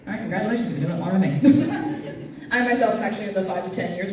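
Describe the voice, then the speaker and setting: A woman's voice: mid-range voice, expressive, quick pace, a little mellow, distant mic. A woman hosting a live comedy panel, telling stories and acting out her own reactions in silly voices. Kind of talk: live stand-up storytelling at a convention panel. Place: convention panel room with audience. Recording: echoey room recorded from afar, audience noise. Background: audience chatter and laughter.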